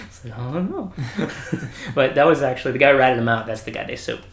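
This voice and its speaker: A man spinning rowdy service stories in casual chat, his voice at a mid pitch. He jumps into the voices of the people he quotes, swearing and laughing as he goes. The room around him rings with echo. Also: brisk, slight background noise. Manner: animated, acts out quoted people, swears freely, laughs often. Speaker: Navy veteran telling stories. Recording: echoey room.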